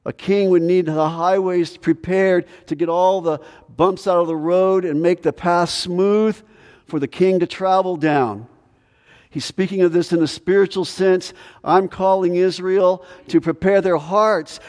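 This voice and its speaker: High-voiced preaching man, long hall reverb. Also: darkish tone. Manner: earnest, measured preaching with verse-by-verse explanation. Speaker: pastor. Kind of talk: sermon. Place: church sanctuary.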